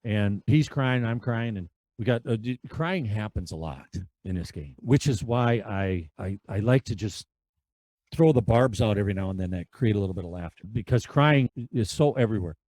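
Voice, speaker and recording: A man in his fifties telling road stories as a podcast guest, animated and acting out the dialogue. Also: lowish voice, normal speed, no echo. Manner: animated storyteller who acts out dialogue. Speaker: podcast guest, veterans' charity rider. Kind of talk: conversational storytelling.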